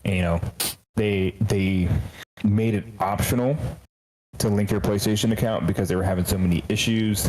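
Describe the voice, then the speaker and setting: A man co-hosting a casual podcast, telling animated stories and acting out lines in quotes. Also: lowish voice, normal speed, slight background noise, poor audio. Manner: animated storyteller, acts out voices in quotes. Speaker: podcast co-host. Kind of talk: casual chat.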